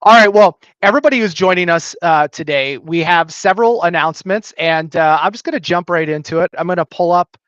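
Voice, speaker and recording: A man's voice: high-pitched, a little fast, few pauses, fairly bright tone, no echo, muffled recording. A man hosting a podcast in a loose, jokey, casual chat, often restarting his sentences. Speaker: podcast host.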